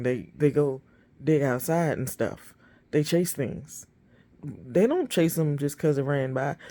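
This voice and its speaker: A woman's voice: low voice, dark tone. A woman vlogging casual dog-training advice to her phone in a blunt, emphatic, plainspoken way. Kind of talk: casual talk to camera.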